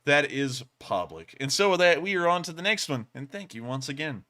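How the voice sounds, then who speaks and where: A man's voice: on the high side, very animated, fairly quick, sharp tone. Upbeat young man hosting a livestream. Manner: laughing, rambling and upbeat. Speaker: livestream host. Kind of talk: casual livestream chat, thanking donors.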